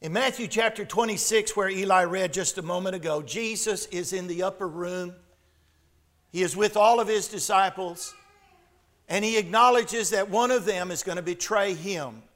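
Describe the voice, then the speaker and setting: A man preaching a sermon, retelling a Bible story with dramatic shifts between loud and hushed delivery. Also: high-pitched, normal speed.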